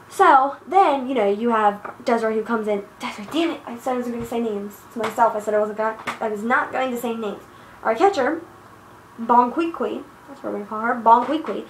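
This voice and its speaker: Teen girl, high-pitched, swearing and exasperated, recorded in an echoey room. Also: quick pace, slight background noise. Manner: profane, exasperated, rambling. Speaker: vlogger. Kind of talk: angry personal rant. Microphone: iPod built-in mic.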